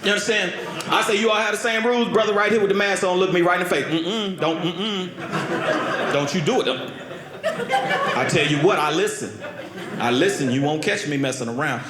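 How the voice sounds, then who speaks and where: Man doing stand-up, somewhat high voice, stories veer from loud yelps to low mutters; roomy club sound. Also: quick pace. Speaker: stand-up comedian. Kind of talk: stand-up comedy routine. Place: comedy club stage. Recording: roomy live stage sound with crowd. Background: laughing audience.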